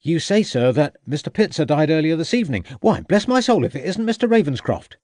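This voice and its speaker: Guy doing a chirpy country constable, bit higher and louder, audiobook. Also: sing-song, a little fast, no echo, studio quality. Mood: hearty. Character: hearty local village constable, cheerful.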